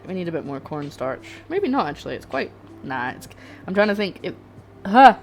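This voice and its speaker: A young woman with a slightly low voice cooks on a live stream. She talks in a loose, rambling way to her chat while stirring pots in her kitchen. Faint music plays behind her. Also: very animated, moderate pace. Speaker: cooking streamer. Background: faint background music.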